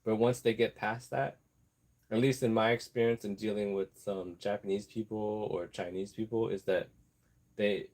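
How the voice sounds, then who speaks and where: A man's voice: fairly low pitch, steady tone, moderate pace, darkish tone. A man vlogging in a rambling casual chat, digressing and laughing often while he works on an apron. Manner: chatty, digressive, laughs often, easily distracted; talks while sewing an apron.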